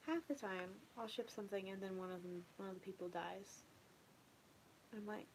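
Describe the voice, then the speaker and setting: A young woman chatting casually with viewers in a relaxed, rambling way, often trailing off into a near whisper. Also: medium pitch, moderate pace, a little hiss or hum. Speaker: ASMR streamer chatting with viewers. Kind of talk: casual soft-spoken chat.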